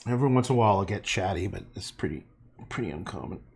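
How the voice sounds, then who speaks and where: A middle-aged man chatting casually and gruffly while he paints on a livestream, swearing and laughing often. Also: sits low, lively intonation, quick pace, a little hiss or hum.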